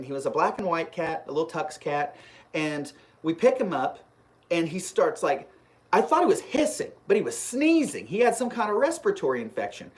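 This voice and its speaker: A live stream host telling a long personal story in a casual, rambling way, full of restarts, and replying to viewer comments. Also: mid-range voice. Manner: rambling and animated, with frequent restarts; reads viewer comments aloud and replies.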